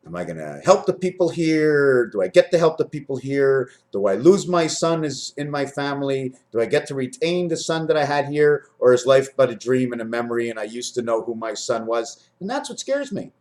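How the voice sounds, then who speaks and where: A man in his fifties rambling through a spiritual monologue to camera, swinging between high loud bursts and low muttering. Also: fairly quick, few pauses. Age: 50s. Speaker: vlogger.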